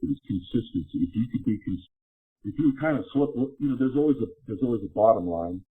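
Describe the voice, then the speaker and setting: A man talking as a podcast guest, speaking casually in halting sentences with frequent restarts. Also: on the low side, lively intonation, slightly rough. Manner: halting, with many restarts and fillers. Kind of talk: casual conversation. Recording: phone-line call audio.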